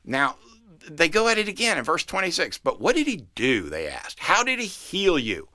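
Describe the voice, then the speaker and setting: A man's voice: a little high, huge pitch swings, moderate pace, pushed and bright, no room sound. A man, a pastor, giving a short podcast sermon, reading scripture and breaking into folksy, slangy asides.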